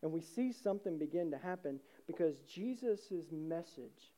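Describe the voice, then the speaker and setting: A man's voice: on the high side, animated, normal speed, dark tone. A man preaching a sermon with passionate, rising emphasis. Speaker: pastor.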